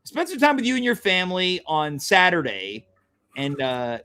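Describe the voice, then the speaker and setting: A male host with a slightly high voice runs loose, joking banter on a comedy show. He needles his guest with dry, deadpan jabs. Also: normal speed, a little hiss or hum.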